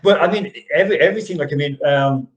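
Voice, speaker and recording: A man's voice: on the high side, quick pace, highs cut off. A middle-aged man co-hosting a casual movie review chat, rambling and restarting his sentences. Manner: rambling, restarts often, chuckles. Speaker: podcast co-host.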